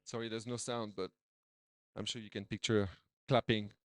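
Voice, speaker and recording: A man's voice: fairly low pitch, flat delivery, normal speed, dry recording. A man, a doctor, giving a conference talk with slides, chatty, with many restarts and repeated words. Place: conference hall.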